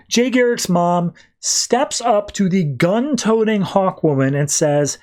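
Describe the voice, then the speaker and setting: A man's voice: sits high, animated, a little mellow. A man casually recapping a comic book issue on a podcast, paraphrasing the characters' lines with lots of "like". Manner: retells dialogue in quick casual paraphrase with many "like"s. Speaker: podcast host.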